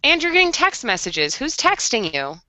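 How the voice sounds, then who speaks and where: A woman's voice: on the high side, big pitch swings, moderate pace, bright, forceful tone, no echo. A woman co-hosting a podcast over a video call, rambling in a melodramatic, chatty way. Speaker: podcast co-host. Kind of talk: casual chat.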